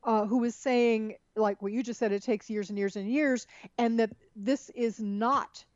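A woman with a fairly high voice chats casually on a political podcast, stopping often to restart and reading quotes aloud. The sound is dull and lo-fi, and the room is dry and close. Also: steady tone, a little slow, darkish tone, dry recording. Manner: chatty, frequent fillers and restarts, reads quotes aloud. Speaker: podcast co-host.

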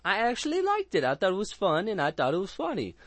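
A man's voice: high-pitched, wildly swooping pitch, fast, dry recording. A man hosting a casual movie review chat, rambling and crude with frequent restarts and jokes. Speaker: podcast host.

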